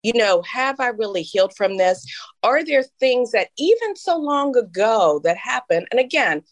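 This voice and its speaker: A woman's voice: a little high, big pitch swings, normal speed, no echo. A woman in her fifties co-hosting a podcast, telling a personal story in a heartfelt, emotional way. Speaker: podcast co-host. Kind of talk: casual conversational podcast.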